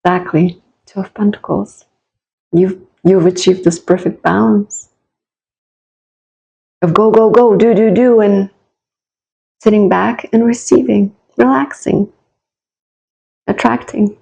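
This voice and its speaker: Encouraging woman with vocal fry. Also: medium pitch, fairly even intonation, takes it slowly, long pauses, poor audio. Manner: warm, encouraging, talks straight to the listener; rambling with frequent restarts and asides. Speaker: tarot reader. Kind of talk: casual tarot reading spoken to the viewer.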